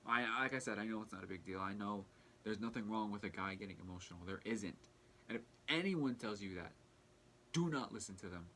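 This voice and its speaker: A young man talking earnestly in a personal vlog, halting and restarting as he fights back tears. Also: lowish voice, fairly bright tone, a little hiss or hum. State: tearful, fighting back crying. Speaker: vlogger.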